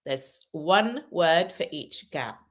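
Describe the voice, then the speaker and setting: A woman's voice: low-pitched, lively intonation, takes it slowly. A woman from Wales teaching an English lesson in a live online class, patient and encouraging, repeating key phrases.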